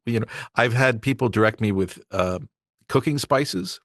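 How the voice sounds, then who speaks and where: On a laid-back podcast, a male voice actor guest with a lowish voice and normal pace tells meandering stories about his job, full of restarts and performed quotes. The recording is dry and studio-clean.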